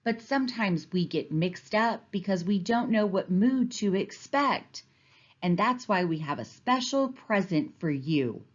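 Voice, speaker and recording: A woman's voice: medium pitch, expressive, measured pace, lo-fi sound. A woman voicing a kind, reassuring male zebra, in a storybook read-aloud. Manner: friendly, reassuring. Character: calm, kind male zebra host of the party.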